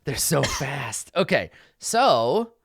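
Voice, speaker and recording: A man narrating as game master in a tabletop game, animated and laughing, with frequent fillers. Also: mid-range voice, takes it slowly.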